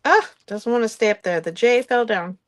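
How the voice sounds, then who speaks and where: A woman's voice: a little high, moderate pace. A woman hosting a live craft-supply sale, chatting casually with ums and frequent laughs. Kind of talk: live-stream sales chat.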